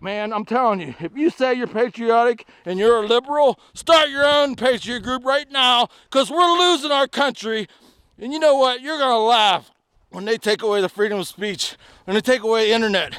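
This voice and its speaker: High-voiced man ranting outdoors. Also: lively intonation, fairly quick, clear, resonant tone, no echo. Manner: ranting, shouting, rambling and repetitive. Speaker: vlogger. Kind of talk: angry political rant to camera. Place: outdoors on a park trail.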